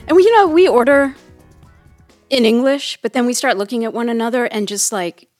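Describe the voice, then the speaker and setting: A woman co-hosting a podcast, chatting excitedly, laughing, and asking lots of questions. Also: fairly high pitch, a little fast, faint music behind. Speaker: podcast co-host, medium. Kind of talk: casual chat.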